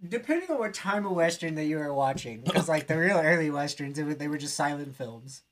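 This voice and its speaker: A man's voice: a little high, lively intonation, a little fast. A man co-hosting a podcast, chatting casually, teasing and laughing often. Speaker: podcast co-host. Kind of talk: casual chat.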